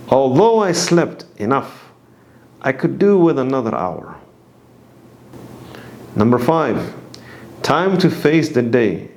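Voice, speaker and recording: A man reads through a scripted English lesson, taking each phrase and example at a slow, careful pace. His pitch moves about widely as he switches between explanations and acted-out examples. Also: a little mellow. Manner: slow, deliberate reading of phrases and example sentences. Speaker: English teacher.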